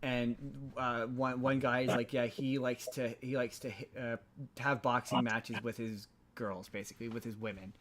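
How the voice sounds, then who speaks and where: A man's voice: medium pitch, level tone, moderate pace, a bit bright, a little hiss or hum. A man hosting a podcast, recapping a movie plot in a loose, rambling way with many restarts. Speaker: podcast host.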